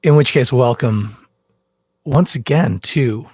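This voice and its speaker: Rambling, self-mocking podcast host. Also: male voice, mid-range voice, slow, a little mellow, husky, dry recording, clean studio sound. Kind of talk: casual livestream podcast chat. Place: at home, in a bathrobe. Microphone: headphones with a cable, phone camera.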